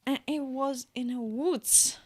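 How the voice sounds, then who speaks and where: A woman co-hosting a podcast, telling a story in casual chat with a lively manner and frequent laughter. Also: high voice, slow. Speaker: podcast co-host.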